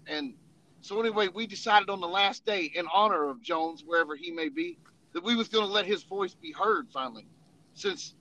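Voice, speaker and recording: A man's voice: high-pitched, gravelly, bright, forceful tone, lo-fi sound. A man telling funny army stories in casual, profane storytelling, laughing and acting out voices as he goes. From Tennessee.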